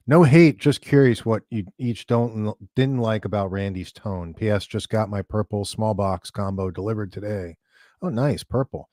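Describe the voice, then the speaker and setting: Low-voiced man, relaxed and halting. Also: dry recording, studio quality. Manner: relaxed, halting, hedges a lot. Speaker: co-host reading viewer questions. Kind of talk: casual chat.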